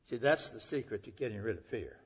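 Husky-voiced man preaching a sermon. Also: fairly low pitch, sing-song, brisk, lo-fi sound. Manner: earnest, emphatic, swings between loud and hushed. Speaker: pastor. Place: church service.

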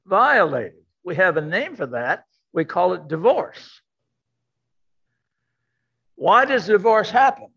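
A man's voice: high-pitched, fairly bright tone. An older man preaching a sermon to a congregation, emphatic, repeating his key words. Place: church sanctuary. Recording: dull lo-fi sound.

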